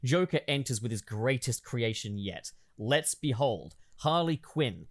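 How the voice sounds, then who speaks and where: Animated male host, comedic script reader, crude and jokey. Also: mid-range voice, unhurried. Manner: joking, swears, laughs a lot.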